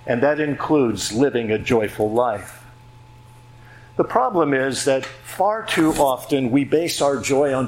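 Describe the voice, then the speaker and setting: A man preaching a sermon in a measured, deliberate way, posing rhetorical questions to his listeners. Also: mid-range voice, a little hiss or hum, low-quality recording.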